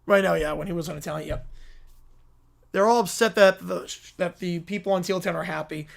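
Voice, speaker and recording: Male stream host, casual reaction commentary, understated and low-key. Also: moderate pace, gravelly, pauses often. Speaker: livestream host.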